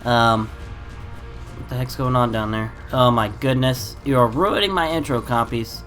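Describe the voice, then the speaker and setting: A man's voice: mid-range voice, unhurried, fairly bright tone, soft background music. A man with a congested, stuffy voice from a cold, hosting a casual gameplay video and rambling with frequent ums and uhs. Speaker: gaming channel host.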